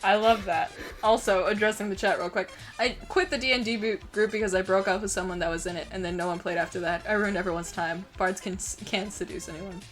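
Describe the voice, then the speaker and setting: A woman's voice: mid-range voice, fairly even intonation, quick pace, soft background music. A woman casually chatting on her live stream, laughing often and swearing freely.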